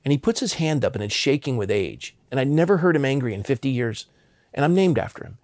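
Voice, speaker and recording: A man's voice: mid-range voice, animated, quick pace, darkish tone, no room sound, studio quality. A man in his fifties from Southern California, telling a personal story as a guest with earnest emphasis and frequent stammered restarts.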